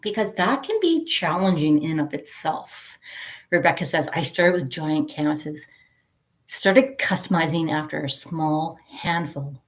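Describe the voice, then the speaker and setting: Middle-aged lady on a livestream, slow chatty talk, kinda low voice, giggly, reading comments out loud. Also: animated. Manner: chatty, giggly, reads viewer comments aloud. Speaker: livestream host. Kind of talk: casual chat with live viewers.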